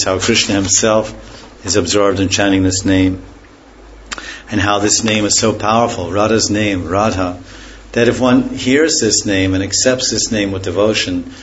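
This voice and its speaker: A man teaching a devotional scripture lecture, unhurried and often stopping to correct himself. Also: on the low side. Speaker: spiritual teacher. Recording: dull lo-fi recording with faint hiss.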